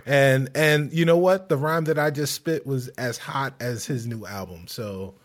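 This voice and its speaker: A man's voice: medium pitch, a little slow. A man from Chicago co-hosting a podcast, talking in a laid-back, wry, joking way. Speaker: podcast co-host. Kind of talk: casual podcast banter.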